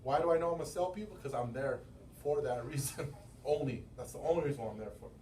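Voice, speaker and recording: Middle-aged male sales boss, loud storyteller, room echo, mic off at a distance. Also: mid-range voice, quick pace. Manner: animated storytelling, acting out quotes; loose, profane, laughing often. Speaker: sales manager and business owner. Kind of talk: motivational team meeting talk. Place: meeting room. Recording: roomy, from far off the mic.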